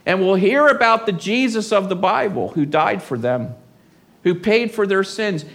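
A pastor preaching a sermon in church, reading scripture and rising loud and intense on key lines. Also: male voice, high voice, creaky. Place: church service.

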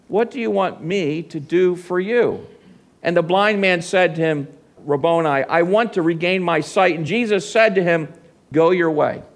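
Gravelly man preaching a sermon. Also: a little high. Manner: earnest, rhetorical questions to listeners.

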